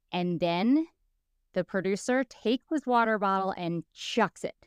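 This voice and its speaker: A woman's voice: mid-range voice, moderate pace, smooth, dry recording. A woman co-hosting a podcast, telling a story in casual chat and acting out the people she quotes. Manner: animated, acts out quoted people. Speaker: podcast co-host.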